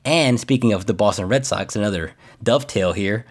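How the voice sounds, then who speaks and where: Joking lower-voiced man. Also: a little fast. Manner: joking, laughs often, reads a list aloud. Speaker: podcast co-host. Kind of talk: casual chat.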